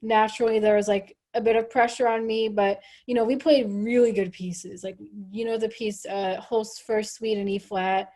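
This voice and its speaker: A woman hosting a casual chat over a video call, relaxed and talkative with many fillers. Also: medium pitch, moderate pace, few pauses. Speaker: host, trombone player. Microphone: video call microphone.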